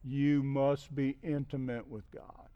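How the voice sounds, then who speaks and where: A middle-aged man preaching a conversational sermon as a guest speaker, often checking in with "okay?" and building to emphatic, loud peaks. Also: mid-range voice, level tone, takes it slowly, smooth, lo-fi sound. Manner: repeats "okay?" to check in with listeners.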